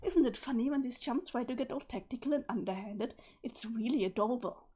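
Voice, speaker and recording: A smug, scheming young female troll, voiced by a woman. She teases and mocks sarcastically in a slightly raised, husky voice. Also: on the high side, brisk, mellow.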